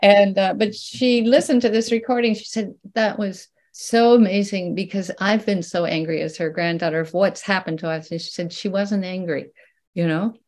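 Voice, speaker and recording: Animated woman researcher with frequent laughter. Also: mid-range voice, normal speed. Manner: animated, laughs often, many restarts and fillers. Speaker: guest, researcher. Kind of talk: casual conversational interview.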